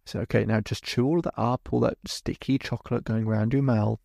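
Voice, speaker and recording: A man's voice: medium pitch, fairly even intonation, fairly quick, vocal fry, darkish tone, no room sound, clean studio sound. A man hosting a podcast as a hypnotherapist, telling a client's story in vivid detail and acting out both sides of the conversation. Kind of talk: storytelling monologue.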